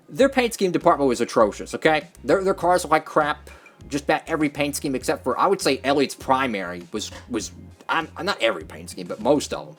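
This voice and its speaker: A man casually reviewing a model race car, enthusiastic and rambling, with lots of fillers and restarts. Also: fairly high pitch.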